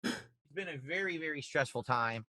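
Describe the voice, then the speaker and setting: A man's voice: fairly high pitch, lively intonation, normal speed, a crowd in the background. A man chatting casually on a live stream, rambling and repeating himself as he talks to viewers.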